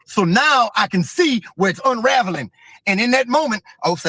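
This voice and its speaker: A man's voice: very high voice, lively intonation, moderate pace, bright, forceful tone, slightly rough, dry recording. A man telling a profane, vivid story as an interview guest. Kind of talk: casual storytelling.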